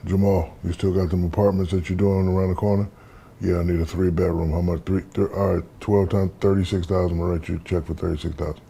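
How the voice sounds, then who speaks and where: A man in his fifties from the United States, an interview guest telling stories in a relaxed, casual way and acting out the voices in them. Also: low voice, creaky, a little hiss or hum. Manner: relaxed storyteller, acts out quoted dialogue.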